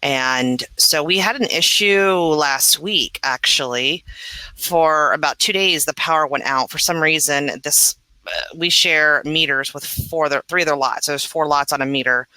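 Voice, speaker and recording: A woman co-hosting a podcast, venting in a casual chat as an animated storyteller. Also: deep voice, moderate pace, clean tone, no echo, low-quality recording. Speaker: podcast co-host.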